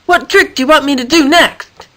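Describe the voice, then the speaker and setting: A woman voicing an eager young male circus animal who shows off his tricks, asking squeaky, excited questions in a storybook reading. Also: normal speed.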